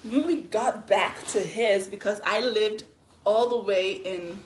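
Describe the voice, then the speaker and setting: A woman casually telling a story on a phone livestream, chatty and animated, laughing often. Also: mid-range voice, slow pace, a little hiss or hum. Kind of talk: casual live story time.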